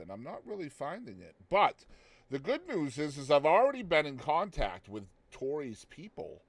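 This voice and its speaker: A man from Boston hosting a music show, talking in a loose, chatty way with lots of ums. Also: medium pitch. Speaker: radio show host.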